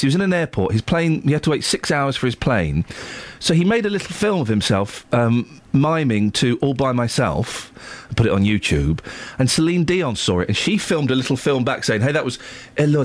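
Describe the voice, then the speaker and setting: A man's voice: medium pitch, very animated, brisk, few pauses. A man hosting a live radio show, chatting casually with a co-host, self-mocking and rambling with lots of ums. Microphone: studio microphone.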